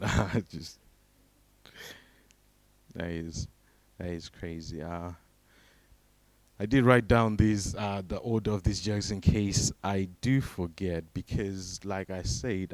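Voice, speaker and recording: In this dry recording, a young man from Zimbabwe performs stand-up, pairing flat, low-voiced setups with abrupt bursts of loud, high-pitched character voices.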